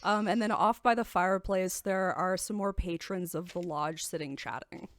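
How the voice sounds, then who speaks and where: A woman narrating a tabletop game as game master, describing scenes in a relaxed way with many ums and uhs. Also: fairly low pitch, normal speed, no echo.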